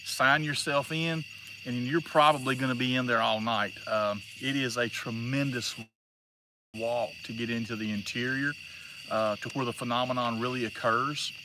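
A man co-hosting a live outdoor stream, talking in an emphatic, drawn-out way with repeated words. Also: medium pitch, fairly even intonation, background noise. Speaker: co-host of a livestream. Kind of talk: casual live chat. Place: outdoors at night in the woods.

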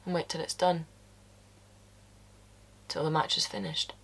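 A woman's voice: deep voice, expressive, unhurried, slightly rough, exaggerated voice. An actress performing a stage monologue as a blunt, working-class woman who confesses to a killing, swearing and dropping into whispers.

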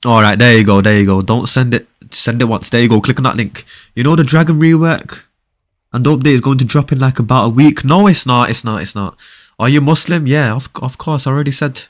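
A man's voice: medium pitch, fairly quick. A young man, chatting casually on a live game stream and bantering with viewers. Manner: casual, bantering, reads viewer chat aloud.

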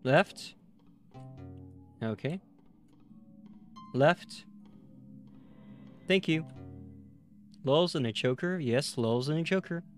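A man's voice: a little high, very slow, long pauses, faint music behind. Tired male streamer chatting with chat. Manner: chatty, talks to chat, jumps to loud excitement at scares. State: tired from little sleep. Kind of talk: live gameplay streaming.

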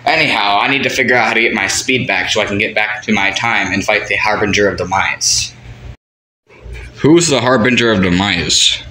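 A man's voice: lowish voice, moderate pace, echoey room, noisy background. A man performing a homemade puppet drama, chatty and rambling, who often breaks the fourth wall. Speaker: puppeteer voicing all characters.

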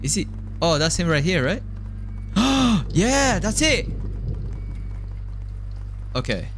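A man giving jokey, excitable commentary while playing a horror game, often yelping and screaming. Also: high-pitched, takes it slowly, faint music behind. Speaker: gaming YouTuber.

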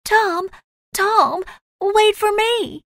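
A woman's voice: high voice, fairly even intonation, moderate pace, a bit bright, dry recording, studio quality, pitched above the performer's own voice. A woman reading a storybook, voicing a clingy young schoolgirl who gushes over a boy. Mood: gushing. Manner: gushing, pleading.

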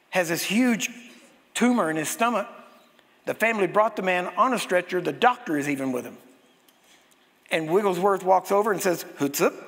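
Male pastor, high voice, animated sermon storyteller, recorded in an echoey hall. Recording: long hall reverb.

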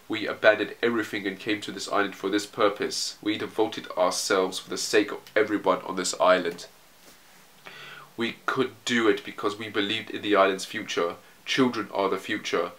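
A man's voice: lowish voice, fairly bright tone, lightly acted. A man voicing an earnest adult male soldier, reading his lines in a put-on accent.

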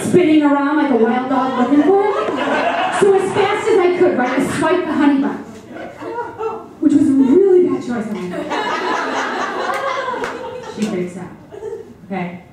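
Brash woman doing comic monologue, echoey and distant. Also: sits high. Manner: brash, profane, addresses the audience directly. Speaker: mother performing a one-woman comedy show. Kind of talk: theatrical comic monologue to an audience. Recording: echoey room picked up from far off with background noise.

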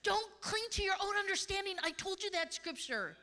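Speaking at a conference, a woman with a very high voice delivers a sermon full of stories, talking a little fast and acting out the voices of the people she quotes. Her words echo with the reverb of a large hall.

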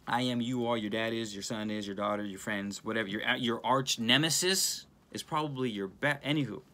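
A man hosting his own channel, talking casually about spirituality into his phone, animated and rambling with lots of restarts and asides. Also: medium pitch, fairly quick. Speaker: channel host.

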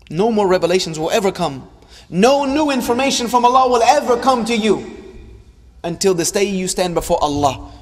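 A man's voice: high voice, big-room sound. A man preaching a sermon in an impassioned voice that rises and falls, repeating lines for emphasis. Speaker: Islamic preacher. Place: large hall or mosque.

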